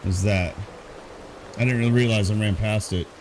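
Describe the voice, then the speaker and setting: A man's voice: on the low side, moderate pace, slight background noise. Drowsy man streaming a game. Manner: relaxed, thinking aloud, yawning. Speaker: gaming streamer. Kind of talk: casual live gameplay commentary. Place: warm room at home.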